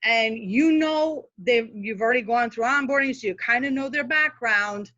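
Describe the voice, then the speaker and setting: A chatty woman with a fairly high voice gives practical marketing tips as a guest on a live video call. She talks casually, full of fillers and asides. The sound is dry and a little dull. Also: normal speed, sharp tone, no room sound. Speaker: guest speaker, social media manager.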